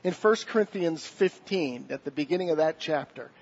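Husky high-voiced male preacher. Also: lively intonation, moderate pace, dull audio. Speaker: pastor. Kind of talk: sermon. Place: church.

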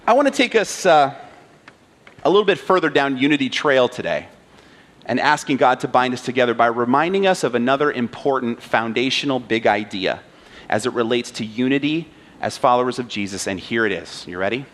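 A pastor giving a sermon, retelling a film scene in an animated way and asking the audience questions. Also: male voice, mid-range voice, a little fast. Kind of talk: sermon with storytelling.

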